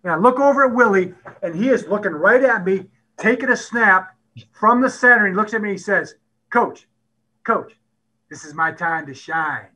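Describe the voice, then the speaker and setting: Brief: middle-aged man, football coach, lively storyteller who plays out quotes; higher pitch, bright edge. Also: moderate pace, poor audio. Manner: animated storyteller who acts out quotes and laughs often. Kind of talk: storytelling at a conference talk.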